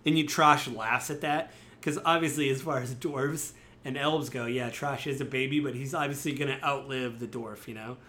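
A man's voice: medium pitch, steady tone, normal speed, few pauses, sharp tone, a little hiss or hum. A man narrating a tabletop game as game master, talking casually and rambling with many fillers.

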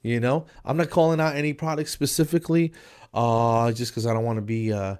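A man's voice: mid-range voice, fairly even intonation, fairly quick, a little mellow, clear, resonant tone. A man hosting his own podcast in a casual solo chat, rambling and joking with lots of fillers, a bit nasal and stuffy from allergies. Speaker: podcast host. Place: spare room downstairs.

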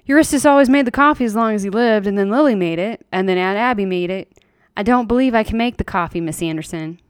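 A woman's voice: medium pitch, lively intonation, a little fast, no room sound, studio quality, lightly acted. A woman voicing a spoiled, helpless young woman who sounds innocent and aggrieved, in a dramatic reading of a horror story. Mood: petulant surprise.

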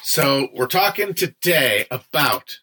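A man's voice: medium pitch, lively intonation, slow, sharp tone. A young man hosting a casual livestream book discussion, chatty and digressive, with frequent fillers and some swearing.

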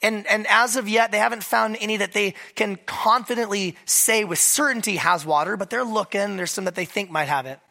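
A middle-aged pastor with a cold, preaching a sermon to a church that meets in a high school, relaxed and joking between points. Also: brisk, gravelly, hardly any pauses. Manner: conversational with joking asides. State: hoarse from a cold.

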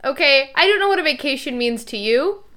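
A woman's voice: high voice, animated, a little fast, pushed and bright. A woman playing a tabletop role-playing game, joking in character and rambling with lots of "like.". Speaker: player.

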